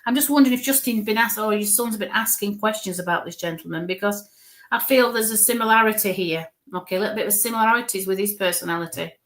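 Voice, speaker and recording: Northern English woman, live medium reader, talks to viewers in a warm-hearted, reassuring ramble. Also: medium pitch, fast talker. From northern England. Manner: chatty, reassuring, repeats okay and bless you. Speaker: medium giving live readings. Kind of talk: live spirit reading to online viewers.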